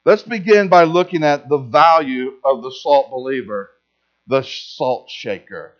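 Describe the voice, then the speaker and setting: A man's voice: medium pitch, a little slow, lo-fi sound. A male pastor preaching a sermon at a church service, emphatic, repeating key phrases and asking the congregation questions.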